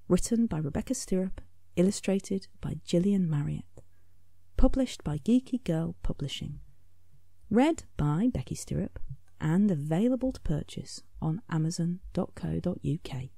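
A woman, an author, reading her picture book aloud expressively, often dropping into a soft whisper. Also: lowish voice, animated, a little slow, vocal fry, no room sound, clean studio sound. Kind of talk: storybook read-aloud.

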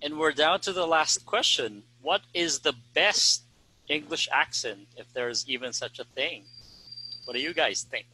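A man co-hosting a panel discussion for English teachers, speaking in an earnest, steady way and putting questions to the panel. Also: fairly high pitch, measured pace, a little hiss or hum, low-quality recording.

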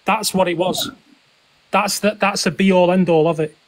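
A man's voice: high voice, steady tone, moderate pace. A man streaming live, arguing defensively and swearing at callers. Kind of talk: heated live stream argument.

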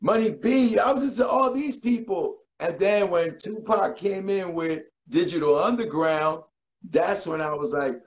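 Male guest, 40s, lively storyteller who acts out quotes, slightly high voice. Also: moderate pace, low-quality recording. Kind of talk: casual interview storytelling.

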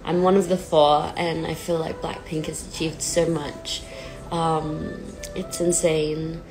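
Over faint music from a sad song, a pop singer in her twenties talks slowly in a deep, fairly flat voice, and the recording is rough. It's a casual livestream chat from her phone, where she's hesitant, self-deprecating, nervous and near tears, with lots of fillers.

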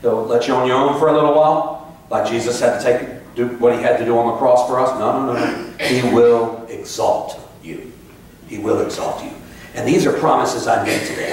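A man preaching a sermon, talking to the congregation in a conversational, sometimes sarcastic way and reading scripture slowly. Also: mid-range voice. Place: church sanctuary. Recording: echoey church sanctuary, mic at a distance.

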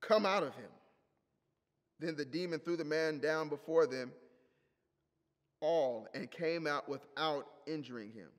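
A man preaches an emphatic sermon in a high voice, hammering home key phrases by repeating them. His voice rings out in a hall with a long, lingering reverb. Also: unhurried. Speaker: pastor.

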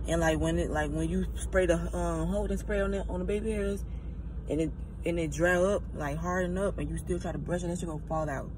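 A woman's voice: lowish voice, fairly even intonation, brisk. A woman vlogger chatting casually to camera while driving, talking slangy and profane and calling her viewers y'all. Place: inside a car while driving. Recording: loud car and road noise. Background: car engine and road noise.

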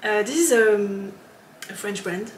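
A woman hosting a knitting podcast in a casual, chatty way, often laughing and pausing with ums. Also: medium pitch, echoey room, a little hiss or hum. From lives in Switzerland.

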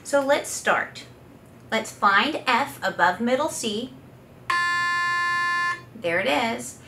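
A woman's voice: on the high side, animated, slow pace, background noise. A woman speech pathologist and singer teaching vocal exercises, with patient step-by-step instruction and sung demonstration notes. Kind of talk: guided vocal exercise lesson. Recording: echoey room, voice a bit far from the mic.

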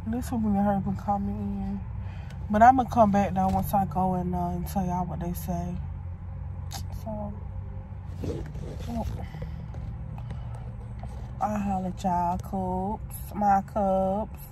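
A woman's voice: mid-range voice, level tone, slow, long pauses, noisy background. A woman, sick and coughing, complaining in a casual, drawling vlog to camera. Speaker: vlogger.

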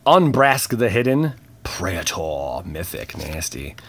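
A man hosting a casual card-opening video, talking in a relaxed, slangy way and reading card names aloud with quick bursts of excitement and muttered asides. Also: sits low, a little hiss or hum. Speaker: channel host opening trading cards. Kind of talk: casual unboxing chat.

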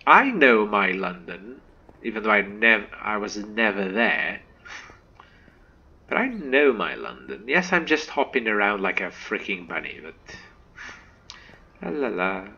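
A man giving chatty, excitable gameplay commentary as a let's play host, humming little tunes to himself as he goes. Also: lowish voice, unhurried, breathy edge, highs cut off.

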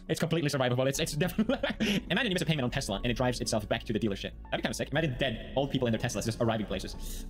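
At home with soft background music playing, a man hosts a video of jokey reactions to online posts, speaking rapid-fire in a medium-pitched voice. He's animated, laughs often, and talks to his pets.

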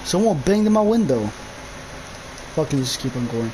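Jumpy young male gamer, lively pitch. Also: normal speed, background noise. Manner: jumpy, swears a lot, yelps at scares. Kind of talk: gameplay commentary.

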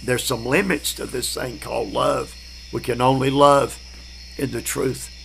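A man, preaching a Bible study class in a slow, emphatic way, repeating key words. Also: mid-range voice, flat delivery, creaky, a bit bright, a little hiss or hum, poor audio. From Southern United States.

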